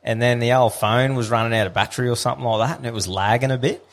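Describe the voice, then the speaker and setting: A man's voice: medium pitch, fast. A man with an Australian accent co-hosting a podcast, telling stories in a blokey, casual way and swearing freely. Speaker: podcast co-host. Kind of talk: casual chat.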